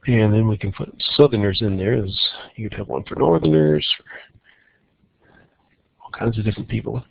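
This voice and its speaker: A man teaching a recorded math lesson on logic problems, walking through each problem in a relaxed way and thinking aloud. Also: fairly low pitch, normal speed, gravelly, breathy edge, narrow, tinny audio.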